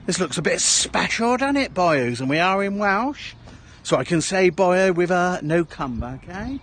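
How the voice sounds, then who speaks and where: In a relaxed walking vlog, a man meanders through a small town outdoors, rambling and finishing thoughts with "eh?" His voice is high, fairly bright, and lively in intonation at a normal pace, with a little hiss or hum present.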